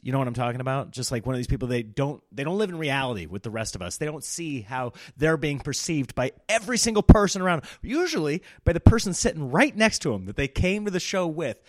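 A man's voice: medium pitch, no room sound, clean studio sound. Sarcastic man telling a comedy story. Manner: animated, sarcastic, exasperated. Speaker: stand-up comedian and podcast host. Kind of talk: casual storytelling monologue.

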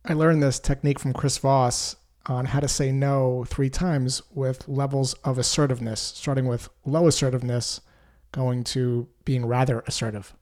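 A man, a sales trainer, telling a story as a scripted lesson in a measured, explanatory way. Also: medium pitch, flat delivery, a little mellow.

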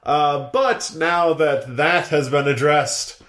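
A man's voice: fairly high pitch, slow pace, a bit bright. A man co-hosting and editing a podcast, laid-back and joking, swearing casually. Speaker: podcast co-host and editor. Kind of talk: casual chat.

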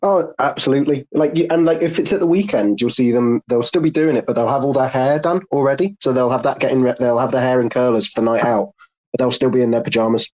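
Brief: man, mid-pitched voice, agreeable and halting, keeps restarting his sentences in a relaxed chat. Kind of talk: casual online audio chat.

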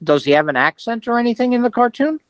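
A man co-hosting a podcast in casual chat, talking in halting, restarting sentences. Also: extremely high pitch, big pitch swings, clear, resonant tone, no room sound, low-quality recording. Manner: hesitant, restarts and trailing thoughts. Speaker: podcast co-host.

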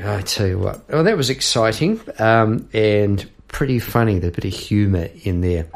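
Gravelly low-voiced New man. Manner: rambling, chuckling, with frequent fillers and asides. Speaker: podcast host and songwriter. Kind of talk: reflective casual talk.

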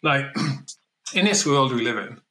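A man's voice: mid-range voice, expressive, unhurried, fairly bright tone, low-quality recording. A man co-hosting a casual current-affairs podcast, chatty and thinking aloud as he talks. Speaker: podcast co-host.

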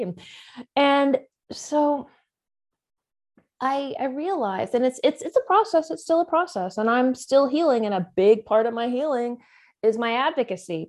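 A woman's voice: a little high, expressive, moderate pace, darkish tone. A woman in her forties, an interview guest speaking candidly and earnestly about her own life, with wry asides. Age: 40s.

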